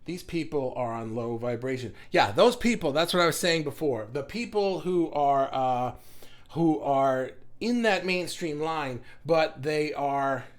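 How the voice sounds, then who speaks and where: A man hosting a casual spiritual talk, rambling and animated, laughing and sighing often. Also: fairly high pitch, a little slow. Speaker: spiritual channel host.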